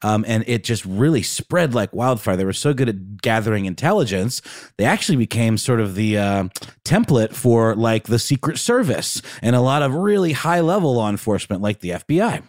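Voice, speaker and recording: A man co-hosting a casual history podcast, talking in a relaxed way and trailing off into quiet asides. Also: medium pitch, normal speed, no room sound, studio quality. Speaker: podcast co-host.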